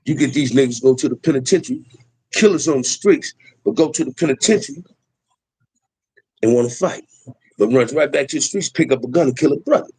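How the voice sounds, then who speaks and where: A man's voice: mid-range voice, lively intonation, a little fast, darkish tone, breathy edge, no echo, low-quality recording. A middle-aged man, talking emphatically in a preachy street style as host of a livestream. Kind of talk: impassioned livestream talk.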